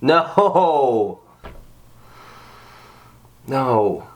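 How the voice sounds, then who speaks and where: A man's voice: medium pitch, sing-song, drawn-out words, soft background music. A man hosting a reaction video, ranting in sarcastic, exasperated commentary full of swearing.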